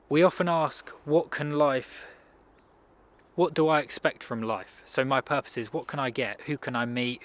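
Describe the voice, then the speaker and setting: A man at an average pitch giving a casual motivational talk. He speaks conversationally and rambles, breaking off and restarting sentences as he goes. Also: fairly bright tone. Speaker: self-improvement speaker.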